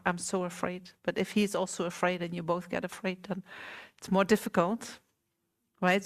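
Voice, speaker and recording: A woman teacher with a smooth, fairly low voice gives a Buddhist talk to a small group in a meditation center hall. She is gentle and unhurried and often asks her listeners questions.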